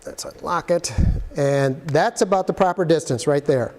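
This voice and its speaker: A man's voice: on the high side, moderate pace, a little mellow. Man demonstrating gear in an echoey hall. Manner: plain, practical, talks while handling gear. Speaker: instructor. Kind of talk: casual how-to demonstration.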